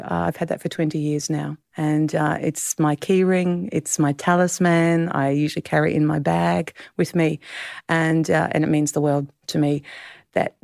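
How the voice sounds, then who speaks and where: An Australian woman in her fifties, a guest author telling a tender personal story with halting restarts. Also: low-pitched, vocal fry, darkish tone, dry recording, clean studio sound. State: tearful at times.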